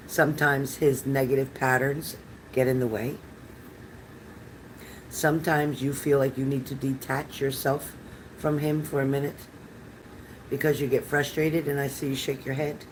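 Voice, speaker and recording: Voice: mid-range voice, slight background noise, poor audio. An older tarot reader giving live readings to chat viewers in a chatty, rambling, reassuring manner.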